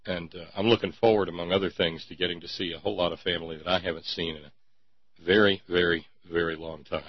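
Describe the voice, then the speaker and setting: Wry, husky-voiced male talk host. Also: deep voice, steady tone, fast, dry recording. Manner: wry, digressive, sarcastic. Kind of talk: casual radio-style commentary. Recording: dull lo-fi recording.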